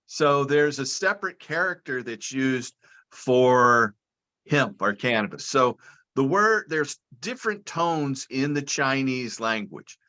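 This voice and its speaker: A cannabis and hemp advocate, appearing as a guest over a video call, explains things patiently and step by step like a lecturer. His mid-range voice sounds pushed and bright.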